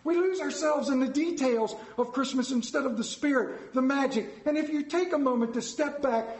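A man's voice: extremely high pitch, moderate pace, roomy sound, low-quality recording. A man preaching a sermon in an emphatic way, with dismissive asides.

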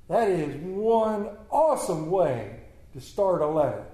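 A man's voice: high voice, sing-song, slow pace, warm tone, echoey room, rough recording. A man preaching a sermon, reading scripture and telling stories with emphatic calls to his congregation. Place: church.

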